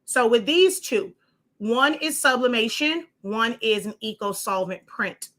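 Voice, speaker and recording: A woman with a bright, forceful voice hosts a crafting show. She talks casually and rambles through her examples, restarting sentences as she goes. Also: fairly high pitch, animated, measured pace. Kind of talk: casual demonstration walkthrough.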